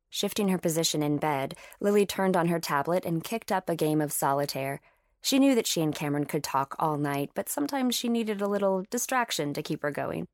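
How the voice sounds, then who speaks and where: A woman narrating an audiobook in an even, storytelling manner. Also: sits low, brisk, dry recording, studio quality. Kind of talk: scripted narration.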